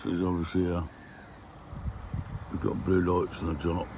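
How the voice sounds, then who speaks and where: Older male van-life vlogger, low gravelly voice, chatty with wry grumbles, faint road ambience. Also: flat delivery, normal speed, noisy background. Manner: chatty, with grumbling asides tagged "eh?". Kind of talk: casual travel vlog commentary. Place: outdoors and in a van, touring villages.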